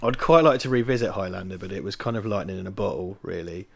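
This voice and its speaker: A man's voice: sits low, quick pace, vocal fry. A man, co-hosting a watch-party stream in rambling, sweary casual chat, laughing often.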